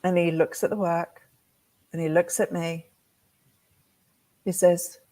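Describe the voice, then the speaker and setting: Woman telling an animated story. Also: on the low side, slow, pauses often. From England. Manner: animated storyteller who acts out her own thoughts. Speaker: hair design educator. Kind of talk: motivational storytelling talk.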